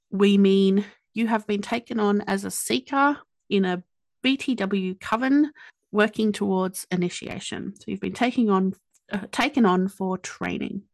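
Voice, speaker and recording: A woman with an Australian accent hosting a podcast, chatty and quick to joke at her own expense. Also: mid-range voice, gravelly, dry recording. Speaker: podcast host. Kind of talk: casual podcast chat and scripted intro.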